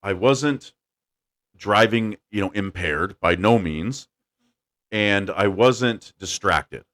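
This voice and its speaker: A man hosting a podcast, telling a story in a casual, animated way and laughing as he goes. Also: fairly low pitch. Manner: animated, laughing storyteller doing quick voices. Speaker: podcast host.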